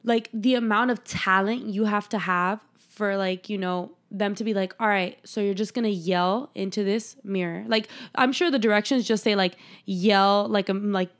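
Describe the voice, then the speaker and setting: A woman's voice: mid-range voice, fairly even intonation, normal speed, hardly any pauses. A woman co-hosting a casual movie review podcast, retelling scenes with playful quoted voices and some swearing. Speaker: podcast co-host.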